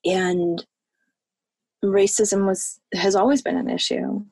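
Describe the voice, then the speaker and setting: Podcast guest, woman from the American South. Heartfelt, halting storytelling, dry close mic. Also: mid-range voice, flat delivery, darkish tone, no echo. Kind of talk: personal storytelling in a podcast interview.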